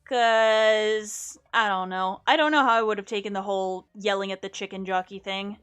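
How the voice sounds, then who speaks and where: A woman's voice: medium pitch, steady tone, normal speed, clean tone. A young woman streaming herself playing a game, chatting casually, mocking herself and humming little sound effects. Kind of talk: casual gameplay chat. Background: soft music.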